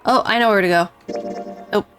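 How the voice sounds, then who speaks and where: A woman's voice: mid-range voice, moderate pace, a bit bright, soft background music. A woman streaming a game, chatting casually and playfully, laughing and reading lines aloud. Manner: playful and giggly, reads game dialogue aloud. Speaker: gaming streamer. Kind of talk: casual let's play commentary.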